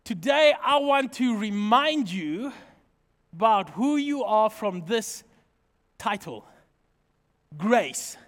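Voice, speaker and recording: A man preaches to his congregation, moving from scripture and prayer into lively, joking personal stories. His voice sits unusually high for a man. The sound carries a long reverb from the hall he speaks in. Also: slow pace, pauses often. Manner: leads prayer, then tells lively anecdotes to the congregation. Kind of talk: sermon with humorous personal stories.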